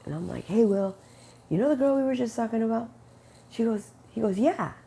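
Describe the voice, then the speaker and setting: A woman giving a casual spoken testimony, acting out quoted dialogue with quick jumps in pitch and slowing down when she turns earnest. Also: animated, gravelly, mellow, slight background noise. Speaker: Christian speaker sharing a testimony.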